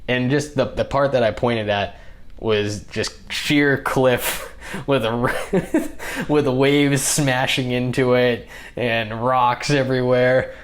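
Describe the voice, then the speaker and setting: A young man, a podcast guest, telling a story in a casual, animated way and acting out what others said. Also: medium pitch, takes it slowly. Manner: animated, acts out other people's lines in the telling.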